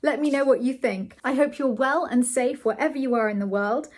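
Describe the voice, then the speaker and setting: A woman hosting her channel and reading a novel aloud, signing off in a gentle, friendly way. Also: sits high, a little fast. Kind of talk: storybook reading.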